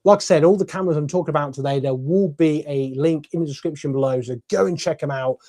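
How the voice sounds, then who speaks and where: A man's voice: fairly high pitch, quick pace, mellow. A man giving a casual, enthusiastic camera review from his bedroom, chatty and full of fillers, his voice a little tired. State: voice tiring from talking. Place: bedroom at home.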